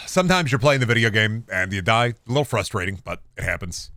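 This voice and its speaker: A married man streaming a video game, rambling sarcastically and insisting in mock calm that he is not mad. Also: on the low side, a little fast, hardly any pauses, no echo. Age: adult, married. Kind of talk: casual gameplay chat.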